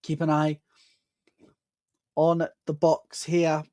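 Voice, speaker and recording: A woman hosting a live football watchalong, giving chatty play-by-play and building excitement whenever an attack comes. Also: low-pitched, slow pace, no room sound. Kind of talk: live match commentary.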